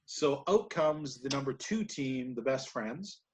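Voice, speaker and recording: A man's voice: medium pitch, animated, measured pace, slight background noise. A man co-hosting a podcast, recapping wrestling matches in casual, rambling chat and laughing often. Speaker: podcast co-host.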